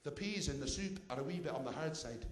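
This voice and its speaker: A man on stage voicing a frail old Scottish woman with a broad accent and a plain, deadpan way of talking. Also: on the high side, quick pace, lightly acted. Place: theatre stage. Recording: echoey theatre stage.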